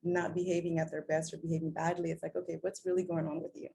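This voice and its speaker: Gravelly-voiced woman telling a candid story. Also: lowish voice, monotone, quick pace, warm tone. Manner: candid, swears casually, acts out her own past lines. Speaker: guest. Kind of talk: casual conversation.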